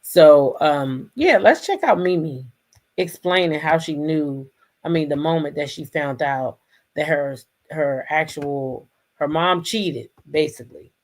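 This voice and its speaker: A woman hosting a casual livestream, reacting to clips and thanking viewers in an animated, exclamatory way. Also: low-pitched, measured pace. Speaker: host.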